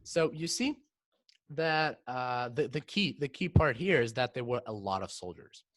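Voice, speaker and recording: A man's voice: medium pitch, animated, measured pace, a bit bright, no echo. A teenage boy co-hosting a casual podcast discussion, explaining ideas with frequent restarts and repeated words. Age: teens. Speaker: podcast co-host.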